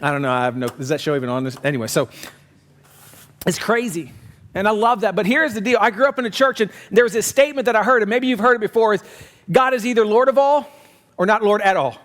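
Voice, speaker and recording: High-voiced animated male pastor preaching. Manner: animated, swings from loud emphasis to low quiet lines; acts out quoted voices, quick conversational delivery. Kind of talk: sermon.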